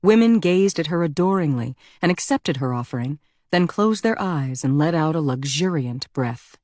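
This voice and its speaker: Low-voiced woman narrating an audiobook. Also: expressive, normal speed, darkish tone, no room sound, clean studio sound.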